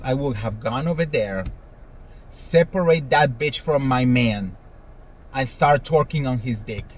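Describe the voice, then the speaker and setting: A man's voice: mid-range voice, poor audio. A man hosting a celebrity gossip show, talking casually in a sassy, dramatic way and swearing freely. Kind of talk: casual commentary monologue.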